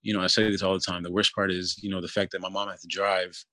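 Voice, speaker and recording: Man in his twenties, low-pitched, flat delivery, filler-heavy casual storytelling. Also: quick pace, dry recording. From Philadelphia area. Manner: casual, many fillers like "you know" and "kinda". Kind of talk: personal storytelling.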